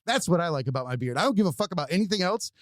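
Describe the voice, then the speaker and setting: A man's voice: high-pitched, expressive, rapid-fire, no room sound, studio quality. A man hosting a podcast, talking candidly and casually, swearing freely and repeating words as he thinks. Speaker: podcast host. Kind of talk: casual conversation.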